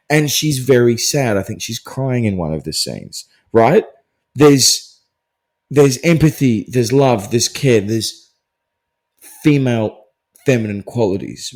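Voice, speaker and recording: A man in a middle pitch range hosts a solo film discussion podcast. He works through his ideas as he speaks, restarting phrases and often asking "right?" as he goes. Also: a little mellow. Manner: thoughtful, thinks aloud, often checks in with "right?". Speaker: podcast host.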